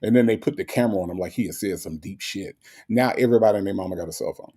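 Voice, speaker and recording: A man's voice: low voice, very fast, dark tone. Emphatic, argumentative male podcast co-host. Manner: emphatic and argumentative, repeating his points. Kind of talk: casual podcast chat.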